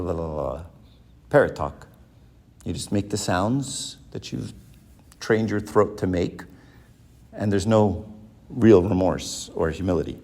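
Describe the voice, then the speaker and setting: A man, a professor teaching a church class, lecturing in an animated way and checking in with his listeners often. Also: on the low side, normal speed, long pauses. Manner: animated, keeps checking in with "right?". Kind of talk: lecture with rhetorical questions.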